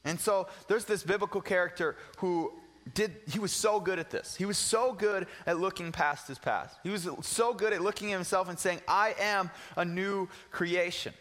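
A young man preaching with a high, bright voice, earnest but casual and full of slang and repeats. A long reverb trails each phrase, as in a big church sanctuary. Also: normal speed. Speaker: pastor. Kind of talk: sermon.

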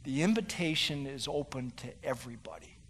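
A male pastor telling a story in a sermon, animated, with frequent restarts. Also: mid-range voice, fairly quick, slight background noise. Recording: long hall reverb.

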